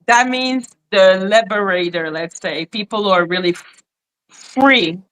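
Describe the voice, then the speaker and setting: A woman's voice: mid-range voice, unhurried, fairly bright tone, rough recording. A woman with a French accent, for whom French is her first language, chatting casually and playfully on a live stream, often laughing and mimicking people.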